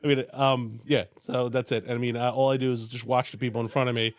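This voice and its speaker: A man's voice: medium pitch, level tone, fast talker. A man who acts on stage, a guest in casual chat, self-deprecating and trailing off with fillers.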